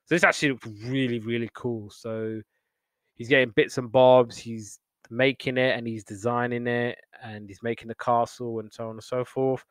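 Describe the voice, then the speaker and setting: A young man hosts a casual podcast chat, rambling through memories of old TV shows and slipping into playful quoted voices. His voice is smooth and resonant, recorded dry and close with no room sound. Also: medium pitch, fairly even intonation, moderate pace, fairly bright tone, no room sound.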